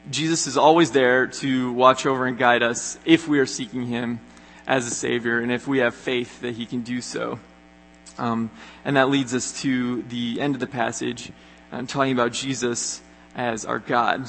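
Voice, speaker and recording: Young male youth pastor, earnest and chatty, bright voice, hall reverb. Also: mid-range voice. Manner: earnest, conversational, many fillers. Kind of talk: sermon. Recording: echoey hall with long reverb.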